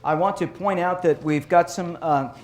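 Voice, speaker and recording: A middle-aged man giving a professional development talk to educators, telling lively stories and acting out teachers and kids. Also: sits high, moderate pace. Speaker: speaker on child behavior for educators. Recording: roomy echo.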